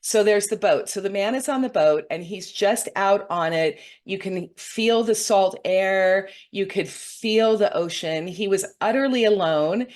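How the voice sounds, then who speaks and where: A woman's voice: mid-range voice, a little slow, few pauses, a little mellow. A woman hosting her own reading show, earnestly recounting a meditation vision to her viewers in a meandering, heartfelt way, often checking in with "okay?" and "right?". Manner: heartfelt, openly moved. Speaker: intuitive reader hosting a weekly show.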